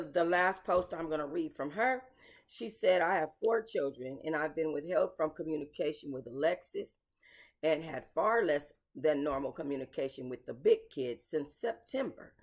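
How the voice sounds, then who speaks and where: A woman hosting casual commentary, talking bluntly and emotionally to her viewers, swearing and calling them y'all. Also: low voice. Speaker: commentary channel host.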